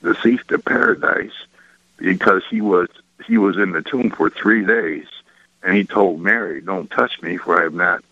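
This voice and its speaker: A male caller on a radio phone-in, voicing his question hesitantly with frequent fillers. His voice is very low yet sharp-edged. The audio is dull and narrow, like a phone line. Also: normal speed, vocal fry, no room sound.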